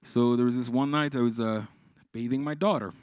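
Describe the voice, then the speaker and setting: A man from Iran doing live stand-up, telling stories with swearing and shouted punchlines. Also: mid-range voice, brisk, clean tone, no room sound. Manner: animated, swearing, exclaiming punchlines. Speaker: stand-up comedian. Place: live comedy stage.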